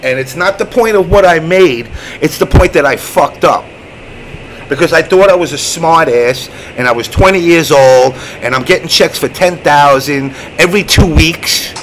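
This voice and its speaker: Here a show host with a slightly high voice speaks at normal speed in a rough recording with slight background noise. It's casual chat on his online show: a long, animated yarn with plenty of cursing and acted-out voices.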